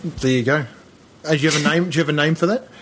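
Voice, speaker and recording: A man's voice: a little high, very fast, background noise. A man hosting a casual interview chat, jokey and laughing often. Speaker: podcast host.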